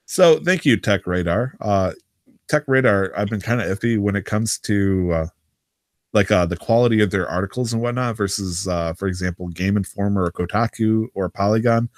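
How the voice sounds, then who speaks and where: A man co-hosting a casual gaming podcast, joking around with drawn-out uhs and a voice that jumps up when he kids. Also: fairly low pitch, no echo, clean studio sound. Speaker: podcast co-host.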